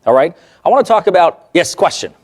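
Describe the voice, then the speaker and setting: A male therapist teaching a workshop, telling client stories in a lively way and checking in with the audience. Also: sits high, fairly quick. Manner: animated, acts out quoted remarks, checks in with the audience.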